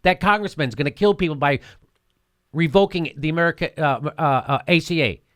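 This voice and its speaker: A man's voice: fairly high pitch, animated, brisk, a bit bright. A man hosting a show, giving heated political commentary, indignant and sarcastic, repeating his points with profanity. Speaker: host.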